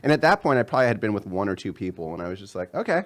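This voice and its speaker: A man in his thirties, a comedian guest telling a story in casual chat and acting out the quotes. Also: rapid-fire. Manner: animated storyteller, acts out quotes in a higher voice.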